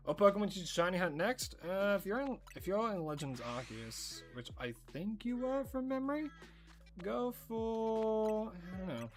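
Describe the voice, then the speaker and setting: A woman's voice: medium pitch, animated, normal speed, faint music behind. A woman streaming a game and chatting casually, playful and given to mock-dramatic narration and whispered asides. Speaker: gaming livestreamer.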